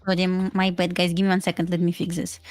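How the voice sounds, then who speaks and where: A woman's voice: lowish voice, completely flat delivery, quick pace. A woman trader on a live stream, explaining her methods in short, simple phrases. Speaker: trader guest. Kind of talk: casual live-stream chat.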